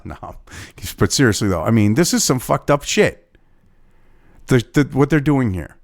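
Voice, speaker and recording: A man's voice: lowish voice, sing-song, moderate pace, long pauses. A man with a New England accent, hosting his own news commentary and ranting at an article, swearing constantly and sounding exasperated.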